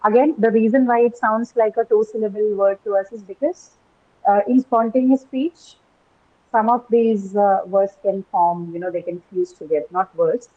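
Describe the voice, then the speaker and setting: A woman runs an online English lesson, saying each word several times and asking her students questions. Her voice is husky and breathy. The call audio is thin and phone-like. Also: mid-range voice, steady tone. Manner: patient, repeats words slowly, asks students questions. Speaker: English teacher.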